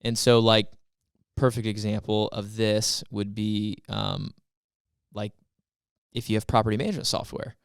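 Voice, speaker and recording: Male podcast co-host, mid pitch, smooth clear voice, close dry sound, patient explainer. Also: animated, normal speed, pauses often, dry recording. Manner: explanatory, builds points step by step. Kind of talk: casual podcast chat.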